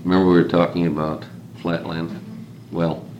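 A man with a very low voice leads an informal group talk, reflective and rambling, building his points through repetition. He is recorded in an echoey room with faint background hiss. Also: little pitch movement, normal speed, a little mellow, muffled recording. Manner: reflective, rambling, repeats "consider" for emphasis.

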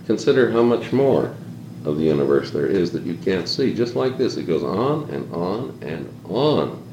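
A man with a low, sing-song voice, vocal fry, and a darkish tone leads an informal talk for a small group at a moderate pace, reflective and rambling as he repeatedly urges them to "consider." The lo-fi recording sounds like an echoey room with faint hiss.

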